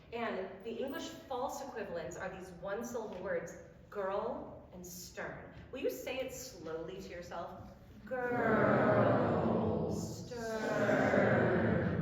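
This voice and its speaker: A woman giving a diction lecture, slowly demonstrating sounds and having the audience repeat them. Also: medium pitch, slight background noise. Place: lecture hall. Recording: very echoey hall, long reverb.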